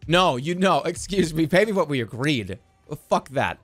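A man streaming a game with excitable commentary, laughing and swearing often. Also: fairly high pitch, normal speed, faint music behind. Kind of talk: casual gameplay commentary.

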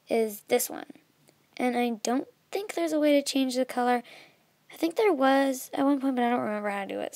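Young woman, casual tutorial voice, slightly high and close, lots of "um" and "like". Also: normal speed, no echo. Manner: chatty, filler-heavy, trails off softly. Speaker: video tutorial maker.

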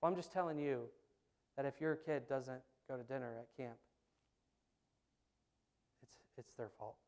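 A man preaching a sermon in church, telling stories in an animated, emphatic way. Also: mid-range voice, measured pace. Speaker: pastor. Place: church sanctuary.

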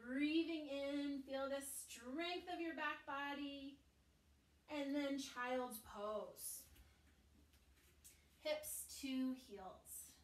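A woman teaching a gentle family yoga class, calmly cueing breaths and poses and adding playful asides for children. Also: high-pitched, very slow, pauses often. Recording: roomy echo, mic at a distance.

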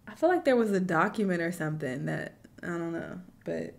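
A woman hosting a casual reaction video, giving blunt, animated commentary. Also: on the low side, a little fast, creaky. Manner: animated, blunt, laughing asides.

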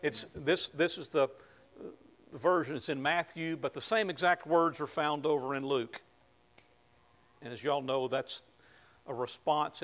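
A man preaching a conversational sermon, often dropping to a hushed tone and rising to emphatic points. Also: a little high, creaky. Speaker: pastor.

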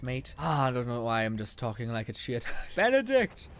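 A man's voice: medium pitch, lively intonation, fairly quick, few pauses, fairly bright tone, a little hiss or hum. A young man giving casual gameplay commentary, sarcastic and frustrated, swearing often and laughing at his own losses. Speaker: gaming channel host.

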